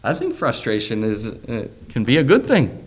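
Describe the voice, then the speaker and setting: A man's voice: mid-range voice, huge pitch swings, moderate pace. A middle-aged man preaching a sermon, reading scripture aloud and then talking it over loosely with fillers and questions to the listeners.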